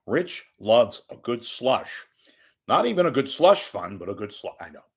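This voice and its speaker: An older man ranting at home in a rambling, profane, wisecracking monologue, swinging between loud bursts and muttered asides. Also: mid-range voice, very animated, normal speed, husky. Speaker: media commentator. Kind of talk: off-the-cuff monologue.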